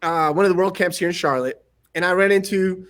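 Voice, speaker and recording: A man's voice: sits high, fairly quick, a bit bright. A man telling martial arts stories on a podcast, acting out other people's lines and laughing often. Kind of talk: casual storytelling.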